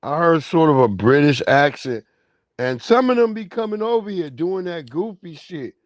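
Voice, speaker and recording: A man's voice: on the high side, big pitch swings, normal speed, dry recording. A man hosting a live stream, giving loose, profane, slangy commentary on video clips.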